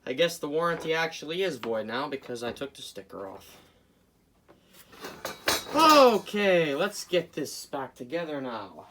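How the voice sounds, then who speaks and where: A man hosting a casual repair video, rambling and joking to his viewers as he works, often away from the camera and now and then breaking into loud bursts. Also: mid-range voice, fairly quick, few pauses, a little hiss or hum. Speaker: hobbyist video host repairing a clock. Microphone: camera mic, speaker often away from camera.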